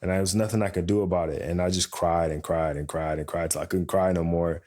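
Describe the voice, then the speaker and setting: A middle-aged man on a podcast, chatting casually and telling an animated story, acting out the voices of the people in it. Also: sits low, quick pace. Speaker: podcast co-host. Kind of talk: casual chat.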